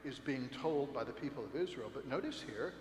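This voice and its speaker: A man's voice: medium pitch, expressive, a little fast. A man teaching an adult Sunday school Bible class, talking conversationally and checking in with 'right?' and 'okay?'. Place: cathedral meeting space. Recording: echoey hall with long reverb.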